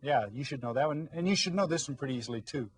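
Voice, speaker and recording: Husky-voiced encouraging teacher man. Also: a little high, animated, fast. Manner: patient, encouraging, prompts kids to repeat words. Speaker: Spanish teacher. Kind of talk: recorded elementary language lesson.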